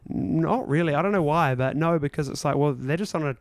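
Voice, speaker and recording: A man's voice: fairly high pitch, a little fast, no echo. A man co-hosting a podcast, telling stories in a rambling, self-deprecating casual chat. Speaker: podcast co-host.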